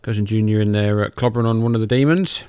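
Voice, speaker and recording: A man's voice: lowish voice, fast talker, darkish tone, clean tone, no room sound. Dry, close-miked man calling matches casually. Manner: loose, joking and profane. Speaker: podcast host. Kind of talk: casual play-by-play commentary over old footage.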